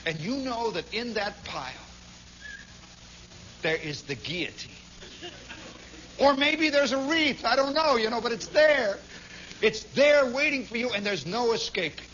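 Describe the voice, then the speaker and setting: A man telling a long personal story as a radio monologue, animated, swinging from hushed to shouting. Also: extremely high pitch, a little slow, long pauses, dull audio, a little hiss or hum.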